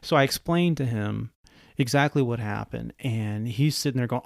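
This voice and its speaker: This man, an airline pilot with his own podcast, spins casual anecdotes and plays the other people in them. He speaks at a medium pitch and moderate pace, with a gravelly texture. The audio is clean studio sound with no audible room.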